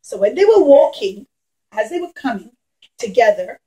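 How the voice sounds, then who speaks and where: A woman telling a puppet show story to young children, animated and talking straight to them. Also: a little high, normal speed, low-quality recording.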